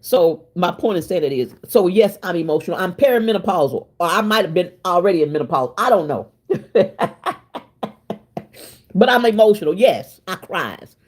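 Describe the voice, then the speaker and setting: A woman in her fifties with a husky, slightly breathy voice that sits on the low side. She chats casually with her viewers as her channel's host, addressing them directly and laughing often as she goes. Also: lively intonation, fairly quick, hardly any pauses. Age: 50s. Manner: chatty, laughs often, talks straight to viewers.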